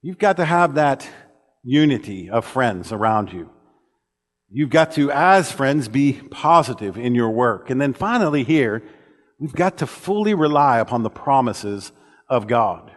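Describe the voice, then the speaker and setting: A man's voice: medium pitch, lively intonation, unhurried. A man preaching a sermon in a church, telling stories in an earnest way with frequent restarts. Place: church auditorium. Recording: long reverb of a church hall.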